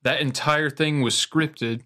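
A man's voice: on the high side, steady tone, slow, pushed and bright. Sarcastic, swearing podcast host man. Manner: sarcastic, swears, laughs a lot. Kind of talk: casual chat.

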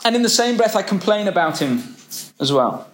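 This middle-aged man's voice sits high and moves at a normal speed as he preaches a sermon. He reads scripture and acts out quotes with humor, keeping his delivery lively and expressive.

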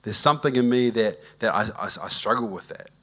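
A male pastor delivers a conversational sermon, telling a relaxed story and asking the congregation to raise their hands. His voice sits on the low side and he speaks a little fast.

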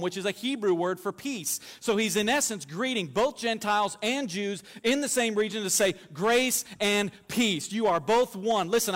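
A man with a notably high voice delivers a sermon as pastor, telling lively stories and slipping in jokes. His voice rings out with a long hall reverb behind it. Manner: animated storytelling with humor.

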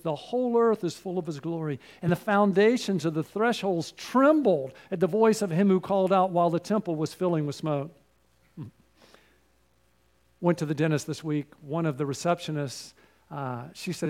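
A man preaching a sermon, asking the listeners questions and swinging between loud calls and hushed asides. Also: on the high side, moderate pace.

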